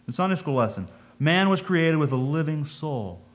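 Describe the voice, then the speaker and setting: A man's voice: a little high, big pitch swings, moderate pace. A man giving a conversational sermon, thinking aloud, asking his listeners questions and reading scripture in old-fashioned wording. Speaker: preacher.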